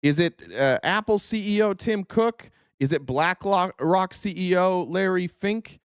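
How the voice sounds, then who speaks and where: A man's voice: high-pitched, measured pace, clean tone, dry recording, clean studio sound. A man hosting a casual political commentary show, sarcastic and profane, firing off rhetorical questions. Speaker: host.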